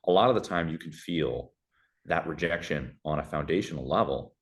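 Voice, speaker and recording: A young adult man giving casual conversational advice as a podcast guest, animated and acting out little dialogues in shifting voices. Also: extremely low pitch, normal speed.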